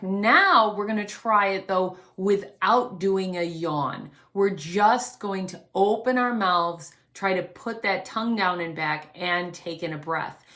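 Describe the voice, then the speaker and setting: A woman vocal coach teaching an online singing lesson, explaining calmly and demonstrating quiet breaths. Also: medium pitch. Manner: gently instructive, demonstrates breaths.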